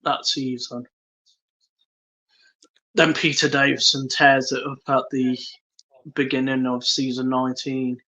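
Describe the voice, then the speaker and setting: A man co-hosting a podcast, sharing trivia in a relaxed way, recorded on a phone. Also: mid-range voice, a little slow, pauses often, a little hiss or hum. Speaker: podcast co-host. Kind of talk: casual chat.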